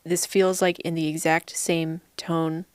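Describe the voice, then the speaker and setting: A woman's voice: sits low, little pitch movement, unhurried, a little mellow, smooth, no room sound. A woman co-hosting a podcast in a casual movie review chat, laughing often as she pokes fun at a film. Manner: laughs often, mocking and playful. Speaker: podcast co-host.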